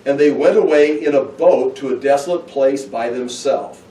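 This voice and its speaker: A man teaching through a Bible passage, talking casually and acting out the scenes with lively bursts. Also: medium pitch, moderate pace, a little hiss or hum. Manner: animated, acts out scenes with excited outbursts. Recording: echoey room, heard from a distance.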